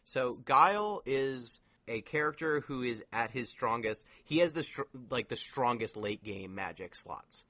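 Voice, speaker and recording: A man's voice: medium pitch, lively intonation, a little slow, hardly any pauses, sharp tone, no room sound. A man co-hosting a casual podcast chat, explaining things at length with lots of filler words. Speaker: podcast co-host.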